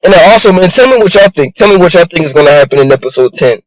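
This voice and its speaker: Man reviewer, slightly higher voice, loose and rambling show recap, dry close sound. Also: lively intonation, very fast, no room sound, poor audio. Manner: rambling, heavy on fillers like "you know" and "bro". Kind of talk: casual episode recap.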